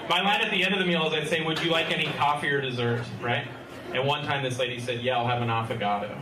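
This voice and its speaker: A man's voice: fairly high pitch, steady tone, quick pace, noisy background. Wry male stand-up in an echoey club. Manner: wry, self-deprecating anecdotes. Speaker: stand-up comedian. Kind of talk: stand-up storytelling. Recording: echoey club, distant mic, loud crowd.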